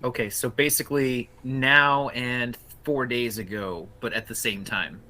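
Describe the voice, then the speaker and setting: A man's voice: mid-range voice, steady tone, measured pace, pushed and bright, poor audio. A man playing a tabletop game, asking curious questions. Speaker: player. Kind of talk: in-character tabletop play.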